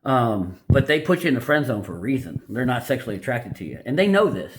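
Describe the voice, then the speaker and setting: There's a little hiss or hum as a very animated, mid-pitched man talks quickly. Hosting a video, he gives a casual, unscripted rundown of a dating-advice book, bluntly opinionated and rambling with lots of fillers and restarts.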